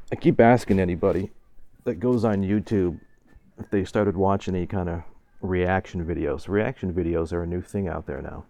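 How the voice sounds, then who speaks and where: Lively, ranting man in his forties. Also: sits low, dry recording. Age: 40s. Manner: animated ranting, laughs through the story, swears casually. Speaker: vlogger. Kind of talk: casual storytelling monologue.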